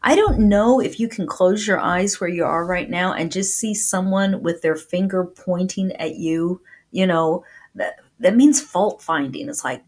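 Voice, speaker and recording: A woman preaches with a low, husky voice. She speaks earnestly, often doubling a word as she drives a point home. The delivery is that of a sermon. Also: a little slow, a little mellow. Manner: earnest, repeats words when stressing points. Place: speaking to a remote audience.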